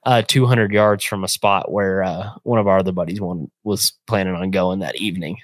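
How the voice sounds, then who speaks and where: Young guy telling a hunting story, lowish voice, dry close sound, lots of jumps up in pitch when he acts out the call. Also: fairly quick, dry recording. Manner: animated retelling, acts out phone call voices. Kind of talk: casual storytelling.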